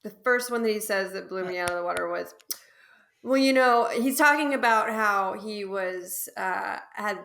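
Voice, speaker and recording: A woman's voice: mid-range voice, moderate pace, vocal fry, fairly bright tone. A woman who is a guest on a podcast, chatting casually and hesitantly. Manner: hesitant, full of fillers and restarts. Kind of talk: casual chat.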